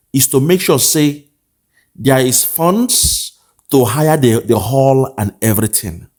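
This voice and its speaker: A man's voice: mid-range voice, darkish tone. A man with a Nigerian accent delivering a political commentary monologue, repeating his points in a preaching way and slipping into pidgin. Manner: repetitive rhetorical preaching, switches into pidgin. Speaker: online commentator.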